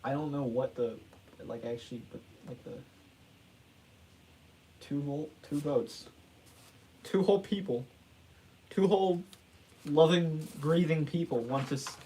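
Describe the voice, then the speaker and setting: A man's voice: on the high side, measured pace, long pauses, mellow, a little hiss or hum, poor audio. A man hosting a casual livestream, rambling and joking at his own expense, laughing and restarting often. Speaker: livestream host.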